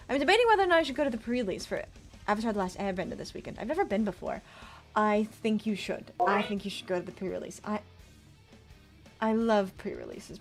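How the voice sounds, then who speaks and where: A young woman streaming casually, chatting with her viewers and reading card text aloud as she builds a deck. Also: mid-range voice. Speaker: VTuber streamer. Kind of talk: casual livestream chat while deckbuilding.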